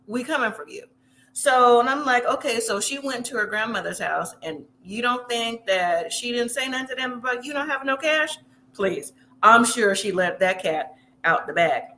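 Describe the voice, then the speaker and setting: A woman's voice: a little high, pushed and bright. A woman hosting a casual recap of a reality show, chatty and opinionated, talking straight to her viewers. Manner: slips into quick impressions of the people she describes. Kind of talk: casual episode recap commentary.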